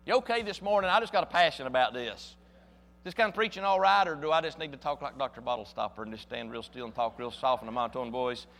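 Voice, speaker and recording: Passionate preacher man, high bright voice. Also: lively intonation, quick pace, creaky, in a large hall. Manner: passionate, emphatic preaching with wide swings in loudness. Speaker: pastor. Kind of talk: sermon.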